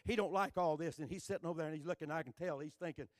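An older man from Texas with a Texan accent, telling a folksy, joking sermon story that builds to shouting. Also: fairly high pitch, racing, no room sound, clean studio sound. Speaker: preacher.

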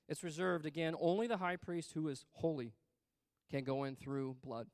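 A man's voice: a little high, no room sound. Emphatic preacher man, dry sound. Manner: swings between loud emphatic bursts and quiet asides; reads scripture aloud with pauses to comment. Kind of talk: sermon.

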